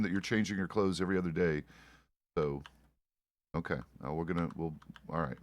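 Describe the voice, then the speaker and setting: A man's voice: low voice, brisk, long pauses, no room sound. A middle-aged man chatting casually while role-playing a frontier deputy, rambling and swearing with many restarts. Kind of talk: casual role-play chat.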